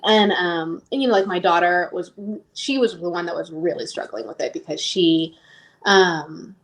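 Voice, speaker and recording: A woman's voice: fairly low pitch, moderate pace. A woman in her thirties telling her personal story as an interview guest, rambling and emotionally open with lots of "like".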